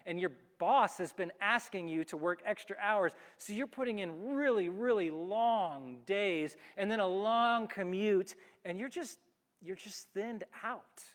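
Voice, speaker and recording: Male pastor with a high voice, chatty and emphatic sermon delivery, recorded in a reverberant church hall. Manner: storytelling with everyday examples, lively and emphatic. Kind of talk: conversational sermon.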